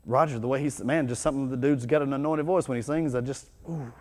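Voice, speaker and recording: A man preaching a sermon as pastor, conversational and energetic, with sudden loud bursts. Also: medium pitch, fast. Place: church hall. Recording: long hall reverb.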